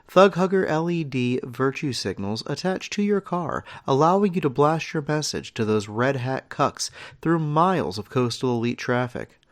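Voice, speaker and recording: A man hosts a comedy podcast, reading absurd ads and listener letters with a dry, mock-serious delivery. His pitch moves in a lively way around a middle register. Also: normal speed, hardly any pauses. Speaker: podcast host.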